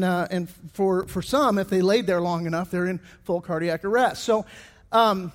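A middle-aged pastor delivering a sermon in a fairly high voice. He tells his stories loosely, restarting phrases and filling pauses as he goes, and his voice rings out into a long hall reverb. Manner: storytelling with many restarts and fillers.

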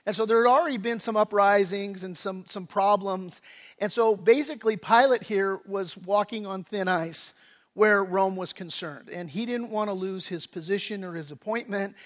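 A man's voice: sits high, a bit bright. A man preaching a sermon as pastor, talking conversationally with frequent restarts and acting out quoted lines in a casual voice. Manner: acts out quoted speech in a casual voice.

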